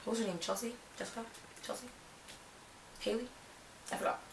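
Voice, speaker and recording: A woman's voice: on the high side, fairly even intonation, a little fast. A young woman from Canada with a Canadian accent, chatting casually and rambling while she does her makeup. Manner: rambling, chatty, lots of filler words. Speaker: beauty vlogger. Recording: roomy, distant mic, faint noise.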